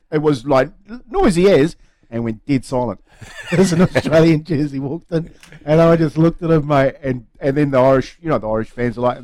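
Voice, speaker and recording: A man's voice: mid-range voice, darkish tone, no echo, clean studio sound. A man with a New Zealand accent co-hosting breakfast radio, telling a rambling story. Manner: rambling anecdotal, chatty. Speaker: radio co-host. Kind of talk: casual radio banter. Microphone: studio microphone.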